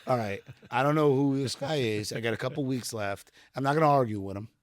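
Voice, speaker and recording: Speaking fast in a mid-range voice, a middle-aged retired Army sergeant wanders through anecdotes stuffed with fillers and quoted remarks in a laid-back podcast chat. The sound from the podcast studio room is clean with no echo.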